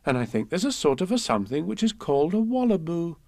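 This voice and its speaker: A man reading children's poems and stories aloud with a gentle, measured recitation. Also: a little high, very animated, no echo, studio quality. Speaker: reader.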